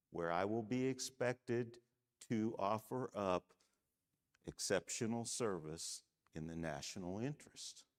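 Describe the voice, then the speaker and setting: Slow, deep-voiced man teaching a Bible class. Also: a little mellow. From United States. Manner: measured, emphatic, frequent "Okay?" checks. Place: church classroom.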